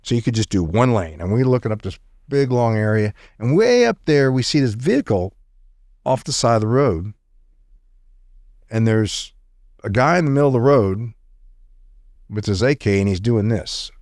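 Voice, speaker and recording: A man's voice: mid-range voice, moderate pace, long pauses, no room sound, clean studio sound. A middle-aged man, a podcast guest, telling a long story in conversation and acting out the dialogue he quotes. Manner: animated storyteller who acts out quoted dialogue. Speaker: podcast guest, retired intelligence officer.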